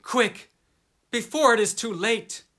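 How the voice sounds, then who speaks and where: A man voicing a terrified young man trapped underground, shouting frantic warnings in a high strained voice. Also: sing-song, slow, full character voice.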